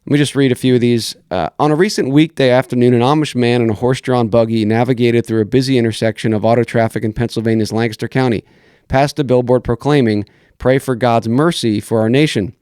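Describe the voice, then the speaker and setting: A man's voice: mid-range voice, fairly even intonation, fast talker, darkish tone, clean tone, no room sound, clean studio sound. A man hosting a political commentary podcast, reading news articles aloud and criticizing them in a blunt, searching way with many restarts. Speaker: podcast host.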